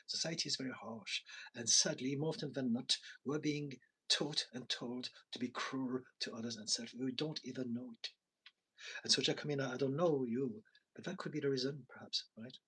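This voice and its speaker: A man's voice: mid-range voice, pushed and bright, breathy edge, low-quality recording. A man in his forties, a therapist and coach, talking earnestly and confessionally in a live chat with viewers. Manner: earnest, confessional, self-reflective.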